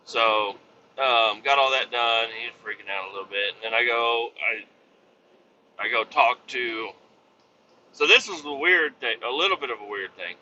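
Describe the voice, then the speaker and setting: A man's voice: medium pitch, normal speed, bright, forceful tone, highs cut off, slight background noise. A man in his thirties hosting a podcast, telling stories in a rambling, profane, casual way full of restarts and fillers. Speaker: podcast host. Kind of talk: casual storytelling monologue.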